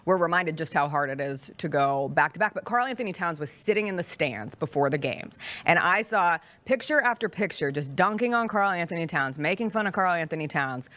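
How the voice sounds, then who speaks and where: A woman's voice: fairly low pitch, expressive, a bit bright. Emphatic woman sports show host. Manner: emphatic, dramatic pauses. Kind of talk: casual sports talk.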